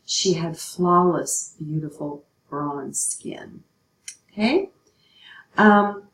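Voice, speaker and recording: A woman's voice: on the low side, slow pace, reverberant, slight background noise, poor audio. A middle-aged woman teaching a writing lesson, patient and checking in often with her students. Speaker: English teacher.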